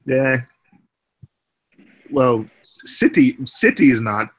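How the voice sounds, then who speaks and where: Laid-back guy in a stream chat, mid pitch, rambles through his point with lots of you knows. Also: slow pace. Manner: relaxed, explains at length with fillers. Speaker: chat guest. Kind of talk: casual live-stream chat.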